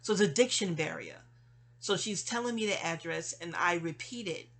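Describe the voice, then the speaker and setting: A woman's voice: on the low side, normal speed. A woman hosting her own channel, venting in a casual, rambling monologue full of restarts and trailing asides. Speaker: channel host.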